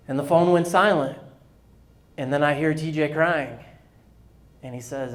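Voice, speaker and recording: A man's voice: a little high, a little slow, long pauses. A man giving a personal testimony at a business luncheon, telling his story candidly and acting out the dialogue. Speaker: guest speaker.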